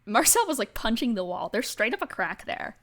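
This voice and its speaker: Brief: woman game master, casual narration, a touch high-pitched. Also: very animated, brisk. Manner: loose, laughing, filler-heavy.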